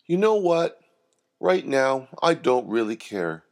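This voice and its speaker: A man's voice: mid-range voice, very animated, takes it slowly, creaky, full character voice. A man voicing a tired, sarcastic woman who works at a coffee shop. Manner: sarcastic, snappy.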